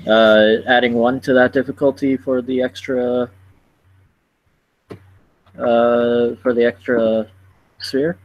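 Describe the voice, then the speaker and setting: Male player, slow and halting, rules-checking tone. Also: medium pitch, flat delivery, no room sound, muffled recording. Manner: halting, repeats words while working out rules. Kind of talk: tabletop game chat.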